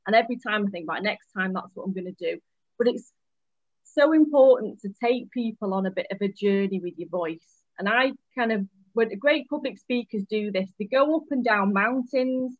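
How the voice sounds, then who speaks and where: A woman's voice: fairly high pitch, normal speed, no room sound, highs cut off. Chatty woman giving speaking tips. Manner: chatty, animated, self-deprecating. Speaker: MP and panel guest. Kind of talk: casual talk on public speaking.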